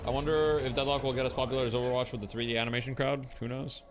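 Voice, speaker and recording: A man's voice: medium pitch, flat delivery, rapid-fire, music in the background. A man from Canada who hosts a stream and gives casual live commentary on a game, joking and swearing now and then.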